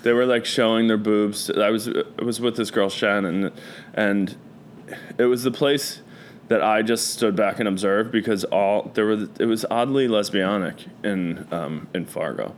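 Rambling, low-voiced man with faint hiss. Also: unhurried. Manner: rambling storyteller, loose and profane, many fillers. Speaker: guest. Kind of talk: casual chat.

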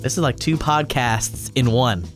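A podcast co-host with a mid-range voice tells stories at an unhurried pace in casual chat. He's an animated storyteller who laughs often, and music is clearly audible behind him.

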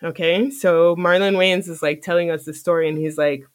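A podcast host telling a story in casual chat, animated and profane, often laughing. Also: medium pitch, moderate pace, dry recording.

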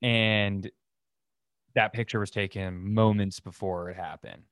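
A man's voice: on the low side, steady tone, measured pace, fairly bright tone, smooth, no echo, studio quality. A man hosting a casual solo podcast, rambling through stories with lots of fillers and restarts. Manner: rambling, filler-heavy, loose storytelling. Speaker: podcast host.

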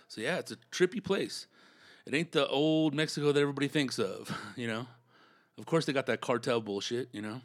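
A man's voice: fairly low pitch, fairly bright tone. Laid-back slangy male comedian. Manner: laid-back slangy storytelling with many fillers. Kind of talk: casual storytelling chat.

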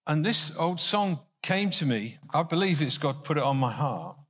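A man's voice: fairly high pitch, sing-song, moderate pace, fairly bright tone, husky. A male minister giving an informal, conversational sermon, often restarting his sentences. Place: church hall. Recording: hall reverb.

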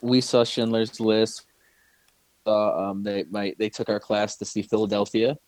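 A man's voice: on the low side, little pitch movement, unhurried, darkish tone, no room sound. A man chatting casually on a podcast, rambling and hesitant with many fillers. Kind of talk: casual chat.

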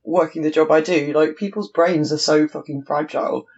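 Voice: mid-range voice, steady tone, moderate pace, creaky, darkish tone, breathy edge. A podcast co-host talks films bluntly and swears freely. The voice sits mid-range and comes through a dull, muffled, lo-fi mic. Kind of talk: casual film chat.

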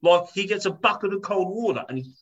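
High-voiced man ranting animatedly. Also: lively intonation, fast, highs cut off. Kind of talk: casual chat, storytelling rant.

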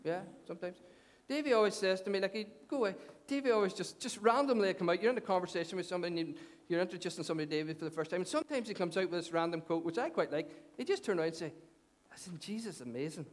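Male pastor, high voice, chatty sermon full of questions to the room, long hall echo. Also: rapid-fire. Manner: conversational, repeats phrases, asks the congregation questions. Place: church hall. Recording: long church hall reverb.

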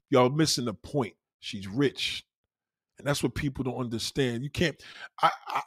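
A middle-aged man talking in a casual, animated monologue, profane and rambling, full of restarts and acted-out quotes. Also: a little high, dry recording, studio quality.

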